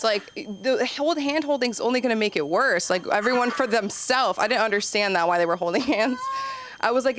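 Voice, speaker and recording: A young woman doing open mic stand-up, rambling and self-deprecating, acting out quoted voices with sudden jumps up in pitch. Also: a little fast, noisy background. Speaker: stand-up comedian.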